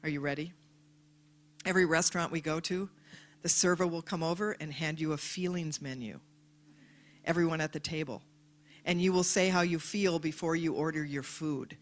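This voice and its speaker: A woman's voice: deep voice, moderate pace, long pauses. A woman giving a motivational talk to a live audience, telling stories and acting out the voices of people in them. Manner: animated storyteller, acts out voices in quotes. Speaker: speaker.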